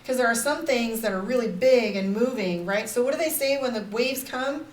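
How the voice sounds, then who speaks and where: A woman's voice: fairly high pitch, moderate pace. A woman, a psychic and life coach, talking candidly and rambling to viewers on a casual live stream, with frequent "like" and "right?". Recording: roomy echo, somewhat far from the mic.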